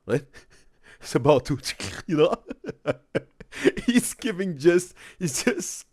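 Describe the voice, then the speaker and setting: A man's voice: on the high side, big pitch swings, slow pace, a little mellow, husky, no room sound, clean studio sound. A man streaming a live reaction, laughing often, calling everyone bro and trailing off mid-sentence.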